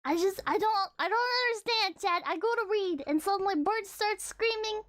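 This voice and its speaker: Very high-pitched, flustered young woman. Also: normal speed, fairly bright tone, no echo. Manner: flustered and giggly, stumbling over words. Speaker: streamer. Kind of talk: reading a horror story aloud between chat to viewers.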